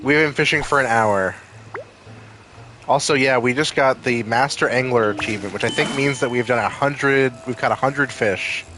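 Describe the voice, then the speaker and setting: A male streamer talking loosely over his gameplay in an ordinary mid-range voice. He rambles from one joke to the next and fills his sentences with "like," while soft game music plays faintly underneath. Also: mid-range voice, normal speed, low-quality recording. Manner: rambling and jokey, leans on "like". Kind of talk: casual live-stream chatter while gaming.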